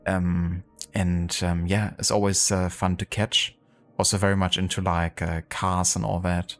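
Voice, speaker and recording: A man's voice: low voice, flat delivery, a little slow, faint music behind. A man streaming a video game live, chatting casually and thanking viewers with many fillers. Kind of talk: casual live-stream chat while gaming.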